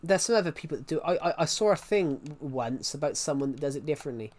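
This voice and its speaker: A man's voice: fairly high pitch, lively intonation, fast talker, darkish tone. A young man chatting casually on a live stream, rambling with many restarts and laughing at his own jokes. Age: young adult.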